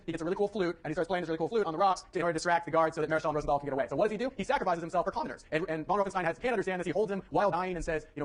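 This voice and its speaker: Brief: young male lecturer, very quick, chatty delivery, lots of restarts. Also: a little high. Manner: quick, conversational, with many fillers and restarts. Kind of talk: university lecture. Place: lecture hall.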